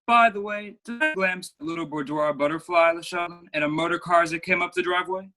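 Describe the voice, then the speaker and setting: A man's voice: high-pitched, a little fast, bright, forceful tone, faint music behind. A young man playing a flamboyant, vain playwright in a school play over a video call, with florid, theatrical delivery. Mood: grandiose. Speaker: student actor.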